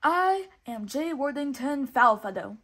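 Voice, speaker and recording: A sly male fox swindler from a storybook, smooth-talking and wheedling, his voice pitched high and pushed loud, as a woman reading aloud puts him on. He is greedy and showy, bowing his way into a con. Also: expressive, a little slow, heavily acted. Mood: smooth, scheming.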